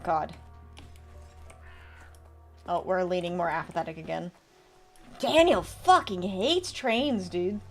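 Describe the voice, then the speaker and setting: A young woman streaming a game, chatting casually, swearing and reacting excitedly while she plays. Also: fairly low pitch, slow, pauses often. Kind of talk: playing a game on stream and reading dialogue aloud. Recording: faint music behind.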